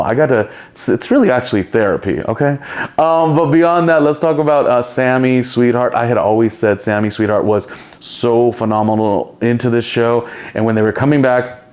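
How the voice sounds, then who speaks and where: Male podcast host, solo commentary, loose and rambling, middle-pitched voice. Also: darkish tone. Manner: chatty and rambling, with playful impressions and frequent laughs.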